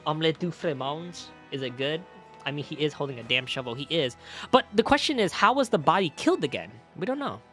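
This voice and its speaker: A man streaming a game, talking through it in an animated, excitable way with swearing and laughs. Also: fairly high pitch, fairly quick, faint music behind. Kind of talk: casual game commentary.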